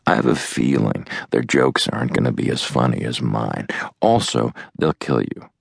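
A man voicing a calm, hardened male American operative with a dry, deadpan manner. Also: extremely low pitch, normal speed, vocal fry, no echo, exaggerated voice.

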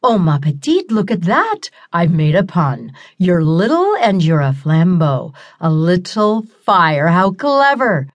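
A woman narrator voicing a chatty, self-satisfied talking crystal skull that drops French words into slow, leisurely lines in an audiobook. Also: fairly low pitch, big pitch swings, muffled recording. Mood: smug teasing.

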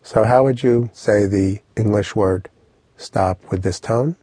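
Male language tutor for an audio course: low, slightly husky, animated explainer, dry studio. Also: slow, no echo. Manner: lively, vivid storytelling with instructions. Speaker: language teacher.

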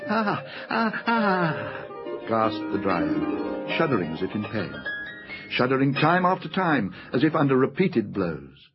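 A man narrating a fantasy audiobook in an expressive, theatrical reading. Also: lowish voice, unhurried. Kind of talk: scripted storybook narration. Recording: slightly dull lo-fi audiobook recording with faint music.

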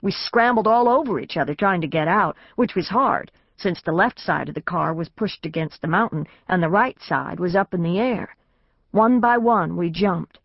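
This audiobook narrator has a fairly low, gravelly, husky voice and reads at normal speed. She tells the first-person novel plainly, lifting her voice for the family's lines, in a dry, slightly dull studio recording with no room sound.

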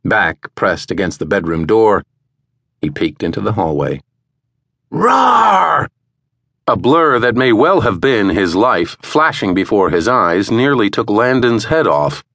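A man narrating an audiobook in a measured, even way, recorded in a studio. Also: deep voice, dry recording. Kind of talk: scripted narration.

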